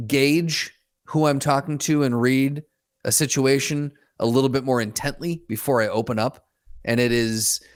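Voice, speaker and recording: Male podcast co-host, mid-pitched voice, halting reflective delivery, dry close mic. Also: no echo. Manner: thoughtful, hesitant, many restarts and backchannels. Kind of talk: casual chat.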